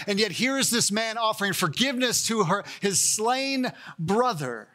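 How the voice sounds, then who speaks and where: Male pastor, slightly high and bright voice, chatty sermon delivery. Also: a little fast, hardly any pauses. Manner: conversational preaching, voices quoted people with rising pitch.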